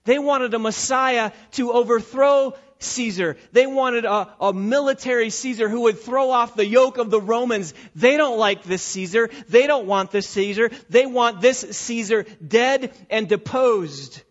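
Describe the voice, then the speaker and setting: A man preaches with a high, ringing voice, pressing each point through repetition and rhetorical questions. The recording is dull and lo-fi, like an old church tape. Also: measured pace, hardly any pauses. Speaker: pastor. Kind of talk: expository sermon.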